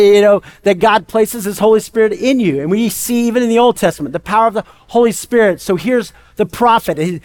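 A male pastor preaching a sermon in a conversational, lively storytelling way. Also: high-pitched.

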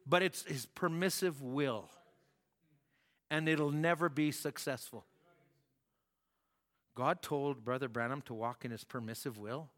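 A man preaching a sermon in a church hall, telling stories with animation, acting out voices and rising to shouts. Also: on the high side, a little slow, long pauses. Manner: animated storytelling, acts out voices, rises to shouts. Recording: long hall reverb.

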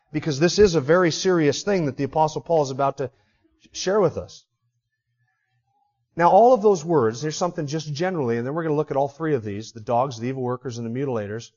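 A man preaching an expository sermon, moving from quiet explanation to loud, repeated declarations. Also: a little high. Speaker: pastor. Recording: dull lo-fi recording.

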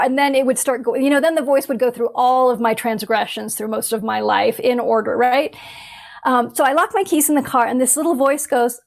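A woman's voice: fairly high pitch, fairly even intonation, brisk, vocal fry. A woman talking earnestly and reflectively about inner life in a conversation, thinking aloud with frequent restarts. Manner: earnest, searching, with many restarts.

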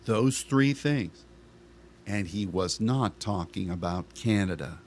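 A man's voice: on the low side, expressive, slow pace, darkish tone, a little hiss or hum. A middle-aged male pastor preaching a sermon in a conversational style, asking rhetorical questions of the congregation.

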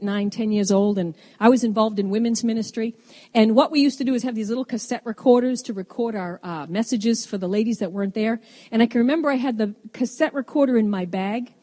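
A woman's voice: on the high side, dark tone. A middle-aged woman giving a sermon, speaking in an earnest, emphatic way and asking her listeners rhetorical questions. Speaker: women's ministry speaker. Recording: long reverb in a large hall.

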